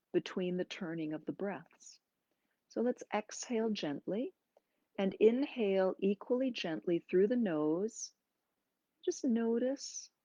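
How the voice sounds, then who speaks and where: A woman yoga teacher guiding a breathing class in slow, gentle, soothing instructions with pauses. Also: mid-range voice, dry recording, highs cut off. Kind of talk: guided breathing and movement class.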